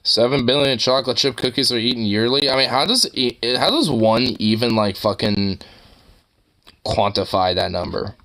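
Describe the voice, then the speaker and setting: Bright-voiced rambling young man streamer. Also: mid-range voice, normal speed, rough recording. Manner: rambling, swears a lot, laughs often; scolds and coos at his dog. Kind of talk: casual chat.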